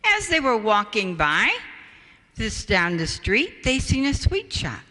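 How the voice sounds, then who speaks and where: A woman giving a public talk on parenting, telling stories in an emphatic, animated way. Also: a little high, takes it slowly. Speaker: parenting speaker. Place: lecture hall. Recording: echoey hall reverb.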